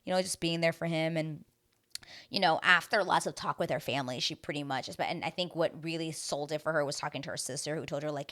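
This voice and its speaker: Low-voiced chatty woman recapping TV. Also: fairly even intonation, brisk, a bit bright. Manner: chatty, rambling, many fillers like "like" and "um". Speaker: reality TV recap host. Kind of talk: casual recap commentary.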